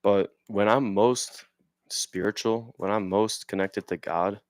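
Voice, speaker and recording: A young man with a very low voice talks straight into a dry, close mic. He rambles in slang, reads a bit of text aloud and keeps checking in with "right?". His delivery is loose and conversational. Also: fairly even intonation, takes it slowly, dry recording. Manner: reads passages aloud then riffs on them. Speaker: vlogger. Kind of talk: casual explanatory monologue.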